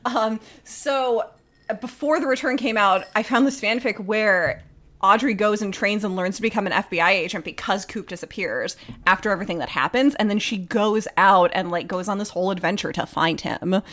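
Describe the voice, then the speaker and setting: Female podcast co-host, medium pitch, giggly and casual. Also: moderate pace, a bit bright. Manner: giggly, laughs often while talking. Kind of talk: casual chat.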